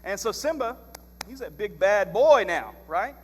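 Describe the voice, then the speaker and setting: Man preaching, fairly high voice, animated storyteller, long church reverb, faint hum. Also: a little slow. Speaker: pastor. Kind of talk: sermon. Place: church sanctuary.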